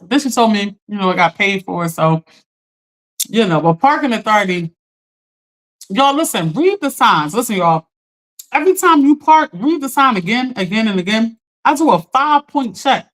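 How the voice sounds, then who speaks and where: Philly lady on a live stream, kinda high voice, animated storytelling, keeps laughing and saying y'all. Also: moderate pace. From Philadelphia. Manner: animated, chatty, addresses viewers as y'all, laughs often. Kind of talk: casual storytelling to a live audience.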